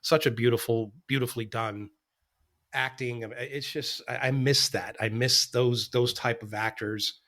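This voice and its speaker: A man's voice: medium pitch, fairly even intonation, unhurried, a bit bright. A man hosting a podcast in casual chat, speaking earnestly and with nostalgia.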